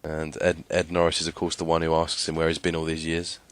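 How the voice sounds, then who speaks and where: A man's voice: very deep voice, completely flat delivery, quick pace, clean tone, no room sound. A man co-hosting a podcast, talking in an easygoing, hesitant way with many fillers. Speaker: podcast co-host. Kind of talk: casual discussion.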